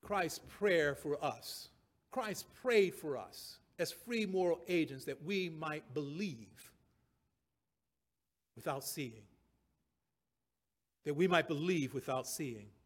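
A man's voice: a little high, lively intonation, slow pace. A man preaching a sermon, reading scripture aloud and repeating key phrases and verse references, swelling to emphatic peaks.

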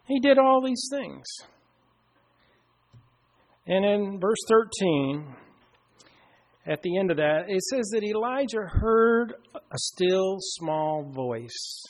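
Man, high voice, middle-aged, preaching, storytelling, slow hushed emphasis. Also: animated. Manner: storytelling, slows down and drops to a hush for emphasis. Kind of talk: sermon.

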